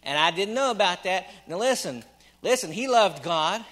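A middle-aged man preaching a sermon, repeating phrases for emphasis and swinging between loud and hushed delivery. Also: high voice, lively intonation, moderate pace. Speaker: pastor.

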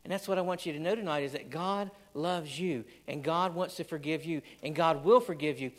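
High-voiced impassioned male preacher. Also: brisk. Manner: impassioned, repetitive, stammers on restarts. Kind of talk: sermon.

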